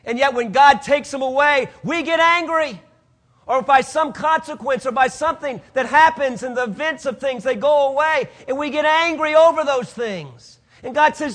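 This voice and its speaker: A man preaching a sermon, swinging from loud declarations to hushed, quiet asides. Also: very high voice, normal speed.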